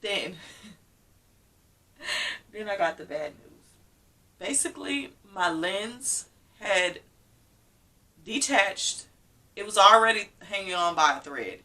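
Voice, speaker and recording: A woman's voice: medium pitch, animated, slow pace, pauses often, pushed and bright, distant mic. A woman vlogger telling a personal story candidly and emotionally, acting out what people said.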